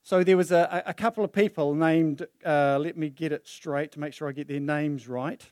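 A man preaches a sermon, acting out the story with plenty of energy and his voice rising and falling. His voice sits slightly high for a man. The sound is close and dry, picked up on a microphone. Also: moderate pace, dry recording. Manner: animated, dramatizing the story with voices. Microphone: handheld or stand mic.

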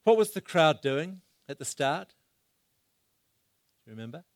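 A man preaching a sermon, swinging between loud bursts and hushed asides as he asks the congregation questions. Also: on the high side, big pitch swings, a little slow, no room sound, clean studio sound.

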